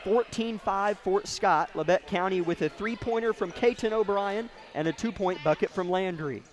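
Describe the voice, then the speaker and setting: High-voiced, excitable play-by-play man. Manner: rapid, excitable calls that rise to shouts on big plays. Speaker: play-by-play announcer. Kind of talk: radio basketball play-by-play. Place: high school gym, courtside. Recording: noisy gym broadcast feed.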